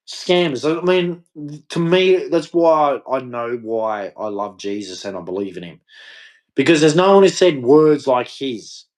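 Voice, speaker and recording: A man ranting to camera in a scornful, mocking, rambling way. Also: medium pitch. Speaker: vlogger. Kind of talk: casual rant to camera.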